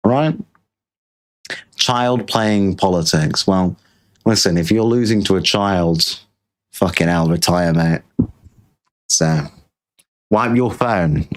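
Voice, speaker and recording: A man's voice: low voice, slow, pauses often. Sarcastic, sweary British man streaming. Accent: British English. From Britain. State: tired. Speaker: livestream host. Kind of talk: casual livestream rant.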